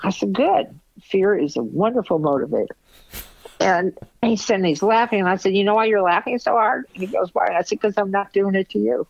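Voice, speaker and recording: A woman's voice: medium pitch, fairly quick, gravelly, dry recording, highs cut off. An older woman, a photo editor and teacher, telling stories in an interview in a blunt, candid way and laughing often. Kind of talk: interview storytelling.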